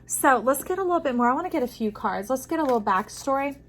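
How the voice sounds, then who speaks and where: A woman giving an intuitive tarot reading to camera. She talks soothingly, calls the listener "friend", and moves between soft hushes and emphatic bursts. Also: high voice, lively intonation, fast, rough recording. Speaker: tarot reader.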